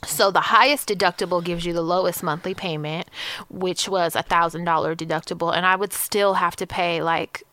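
A woman's voice: lowish voice, steady tone, normal speed, bright, forceful tone, no echo. A woman co-hosting a podcast in casual chat, blunt and sarcastic, swearing freely. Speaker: podcast co-host.

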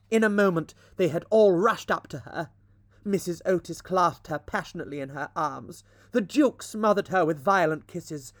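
A man reading a classic story aloud as a podcast storyteller, with expressive, dramatic narration. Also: on the high side, dry recording.

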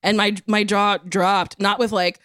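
Woman in her 30s telling a story, does the other people's lines higher, smooth voice, dry studio sound. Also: a little slow, no room sound. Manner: animated, acts out quotes in a higher voice. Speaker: comedian guest. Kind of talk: casual storytelling chat.

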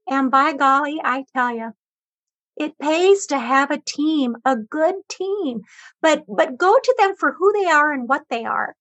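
A woman's voice: high-pitched, a little slow, a bit bright, no echo, highs cut off. A woman guest on a talk show, earnestly retelling her experiences with quoted back-and-forth dialogue. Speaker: guest sharing cancer experience. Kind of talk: conversational storytelling.

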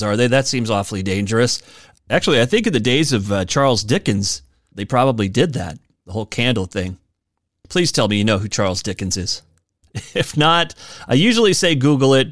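A man hosts a podcast by himself, chatting and joking and laughing at his own side comments. His voice is animated, swooping up and down in pitch, and the recording is studio quality with no room sound. It's casual solo podcast talk.

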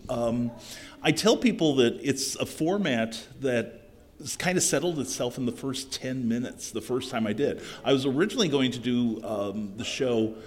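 A man's voice: mid-range voice, expressive, normal speed. A man guesting on a podcast, chatting casually and wryly, with many ums. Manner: wry, self-deprecating, many ums.

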